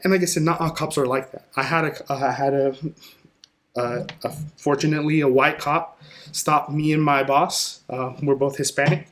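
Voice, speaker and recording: A man guesting on a podcast, chatting casually and telling lively stories, acting out what people said. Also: fairly high pitch, moderate pace. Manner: animated storyteller who acts out quoted dialogue. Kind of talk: casual conversation.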